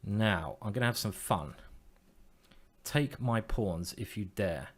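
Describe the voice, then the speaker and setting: A man's voice: on the low side, expressive, slow, breathy edge. A man streaming online chess, thinking aloud in a playful, self-mocking way and teasing his opponent.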